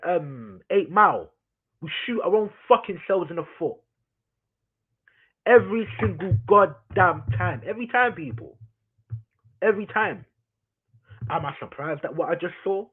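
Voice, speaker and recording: A man's voice: on the high side, big pitch swings, unhurried, pauses often, slightly rough. A man ranting about his football team on a live stream, swearing, repeating himself and calling his chat "people.". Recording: tinny phone-like audio.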